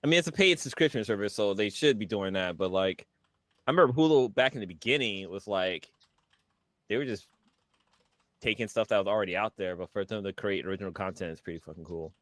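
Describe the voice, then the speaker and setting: Low-voiced man, loose podcast chatter. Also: brisk, a bit bright, no echo. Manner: loose, joking, heavy swearing. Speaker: podcast co-host. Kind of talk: casual chat.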